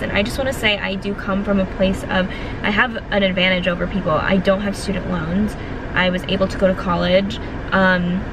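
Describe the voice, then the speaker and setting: Over a noisy background, a woman in her 20s speaks in a mid-range voice for a casual vlog. She's earnest and emotional, close to crying, and uses lots of filler words.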